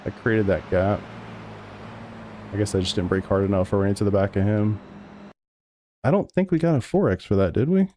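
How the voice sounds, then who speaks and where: A man's voice: on the low side, a little fast, pauses often, dark tone, a little hiss or hum. A man streaming sim racing live, talking over race replays and arguing back at his chat with plenty of swearing. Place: home sim racing room.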